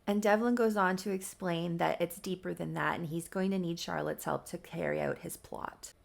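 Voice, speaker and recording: A woman recaps a melodramatic story in a relaxed, chatty way, tossing in quick asides. Her voice sits a bit low and carries a gravelly fry. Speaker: channel host.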